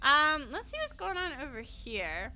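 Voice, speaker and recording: A woman's voice: high-pitched, very animated, unhurried, bright, forceful tone, slight background noise. A young adult woman streaming a game, chatting casually in a bubbly way, laughing often and swearing offhandedly. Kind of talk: casual live-stream chat while playing.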